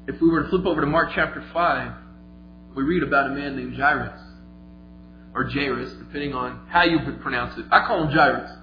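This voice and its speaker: A man preaching a sermon, retelling a story vividly, moving between quiet and emphatic delivery. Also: on the high side, fast talker, slight background noise. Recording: echoey, slightly dull, faint music.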